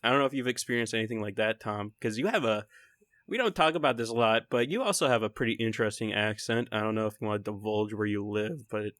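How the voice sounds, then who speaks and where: A young man from Texas with a faint Texan accent, co-hosting a casual podcast in an excitable, rambling way, laughing often and swearing casually. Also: lowish voice, quick pace, dry recording, studio quality. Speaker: podcast co-host.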